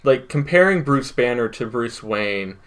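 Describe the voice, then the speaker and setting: A young man co-hosting a podcast in casual chat, speaking in a deliberately enunciated narrator voice. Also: mid-range voice, lively intonation. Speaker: podcast co-host.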